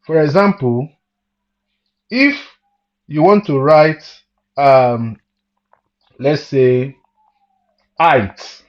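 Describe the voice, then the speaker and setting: A man's voice: a little high, animated, very slow, pauses often. A man teaching a music theory lesson, patient and repeating himself as he asks students questions. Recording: dull lo-fi sound.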